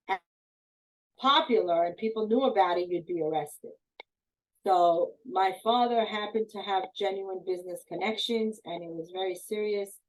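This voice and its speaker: A woman's voice: medium pitch, low-quality recording. A middle-aged woman from Iran, an author telling a personal story at a book talk and acting out the people she quotes. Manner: animated retelling, voicing quoted people.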